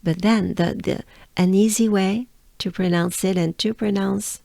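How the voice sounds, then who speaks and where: Slow, gravelly French woman teaching pronunciation. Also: medium pitch, steady tone, a little mellow, dry recording, studio quality. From France. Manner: patient, repeats sounds slowly, coaches breathing. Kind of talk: pronunciation lesson.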